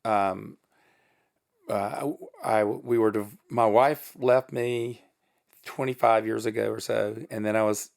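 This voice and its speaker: A middle-aged man with a Southern US accent, a guest telling personal stories in an animated way, with a lot of pitch swings and laughter. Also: takes it slowly, gravelly. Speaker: guest, production company head. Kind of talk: storytelling interview.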